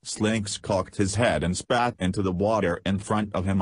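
Low, husky male audiobook narrator. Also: normal speed, hardly any pauses, dry recording. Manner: reads dialogue aloud with profanity.

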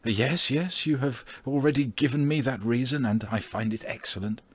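A man with a husky voice playing a bold, quick-tempered young swordsman, delivered with lively emphasis. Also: medium pitch, no room sound, voice pushed up, natural voice. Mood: wry.

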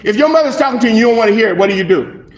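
A male pastor preaching a sermon in an animated, conversational way, acting out little dialogues. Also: sits high, racing, reverberant, slight background noise. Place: church.

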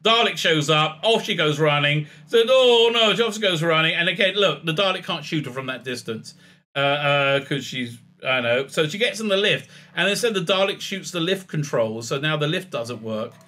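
A man's voice: on the high side, animated, moderate pace, sharp tone. A man recapping and reviewing a TV episode in a sarcastic, rambling way, full of fillers and restarts. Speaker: TV reviewer, channel host.

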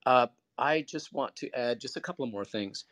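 This is a man hosting a conversational advice talk, and he speaks earnestly, like he is explaining things to the whole room. He acts out short example phrases with a different word stressed each time. His voice is of middle pitch and sits close to the mic with a dry sound. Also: normal speed, fairly bright tone, no echo. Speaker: host and moderator.

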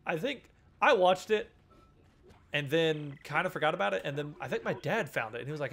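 A young man with a fairly high, fairly bright voice talks fast with lively intonation. He's doing casual let's-play commentary on a horror game, joking, swearing a lot and yelping at jump scares.

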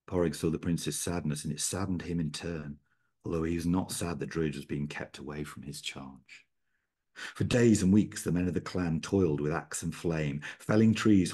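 A man reading his own story aloud in a very deep voice with a husky, breathy grain. His storytelling delivery is measured and steady. The sound comes through a video call. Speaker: author reading own work.

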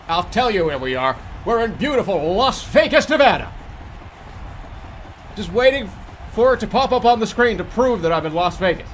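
Guy in his 30s streaming games, kinda high voice, super animated, goofing around and yelling a lot. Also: moderate pace, a little hiss or hum. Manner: excitable, joking, swings from mumbling to shouting. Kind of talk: casual gaming stream commentary.

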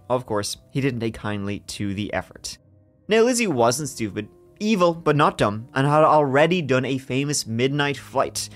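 This podcast co-host has a fairly bright tone and a mid-range voice. He narrates a true-crime story in a joking, casual style, pausing to laugh between portions of it.

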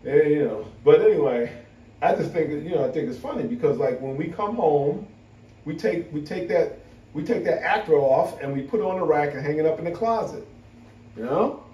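A man chatting casually to camera as a vlogger, animated and laughing often. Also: fairly high pitch, brisk, dull audio. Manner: animated, laughing, full of "you know". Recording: roomy, from a distance.

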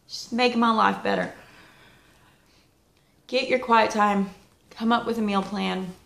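A woman giving casual, chatty wellness advice as a vlogger, folksy and lively with plenty of asides. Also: medium pitch, gravelly, roomy sound. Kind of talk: casual motivational talk.

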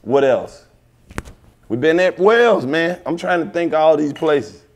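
A man hosting a comedy talk show, telling road stories in casual, profane banter with drawn-out emphasis. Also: a little high, expressive, darkish tone, muffled recording. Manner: brash storytelling, heavy cursing, drawn-out emphasis. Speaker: comedian host. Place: living room set.

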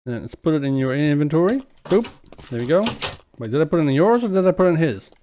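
A man's voice: a little high, animated, fast talker, warm tone, a little hiss or hum. A man hosting a let's play, chatting casually as he plays and talking to the characters in the game. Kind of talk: casual gameplay commentary.

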